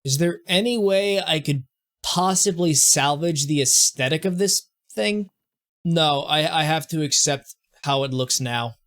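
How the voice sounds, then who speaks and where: A young man giving casual gameplay commentary as a streamer, self-mocking and often stumbling over his words in quick restarts. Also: on the high side, fairly bright tone. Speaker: gaming streamer.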